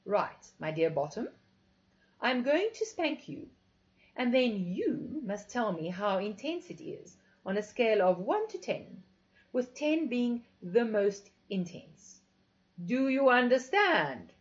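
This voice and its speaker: A woman's voice: a little high, sing-song, takes it slowly. A woman voicing a sultry, commanding female instructor who gives teasing, authoritative instructions. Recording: dull lo-fi recording.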